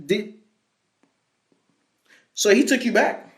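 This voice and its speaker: A man with a fairly high voice comments on a clip in an animated way. He jumps from loud, raised bursts to low, quiet asides. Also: slow. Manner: animated, swings between loud highs and low murmurs. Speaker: reaction commentator. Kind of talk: reaction commentary.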